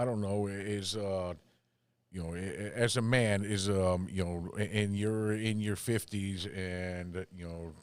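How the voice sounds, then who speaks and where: A man in his fifties co-hosting a casual talk show, halting and full of fillers and repeated agreements. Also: low-pitched, a little mellow, dry recording. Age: 50s. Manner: halting, full of "you know" and repeated "yep". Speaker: co-host.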